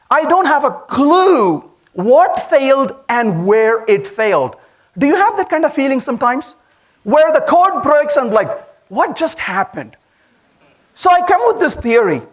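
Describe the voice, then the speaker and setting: A man with an Indian accent giving a lively conference talk, telling stories and asking the audience questions. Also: very high voice. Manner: animated storytelling, asks the audience questions. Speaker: conference speaker. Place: conference hall.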